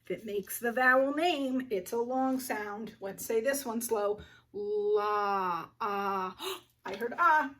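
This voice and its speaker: Sounding out words slowly for young children, a first grade teacher gives a phonics lesson punctuated by small gasps of discovery. She speaks on the high side, at a distance from the microphone.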